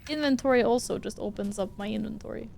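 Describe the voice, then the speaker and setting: A woman's voice: a little high, fast, gravelly, darkish tone, slight background noise. A woman, streaming a horror game live, swearing and exclaiming at the game and chatting with her viewers. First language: Swedish. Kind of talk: live gameplay commentary.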